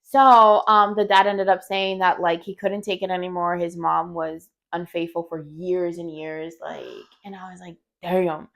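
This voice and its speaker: A woman's voice: on the low side, level tone, moderate pace, gravelly, few pauses. A woman co-hosting a podcast, telling a story in casual chat, blunt and profane, and laughing often. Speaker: podcast co-host.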